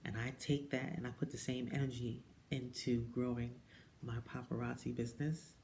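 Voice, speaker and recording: A woman talking casually to camera, telling her own story and jumping up high when she quotes people. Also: moderate pace, slight background noise. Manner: animated storyteller who mimics people with high-pitched quotes and drops into whispers. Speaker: direct-sales jewelry consultant. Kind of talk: casual personal vlog monologue.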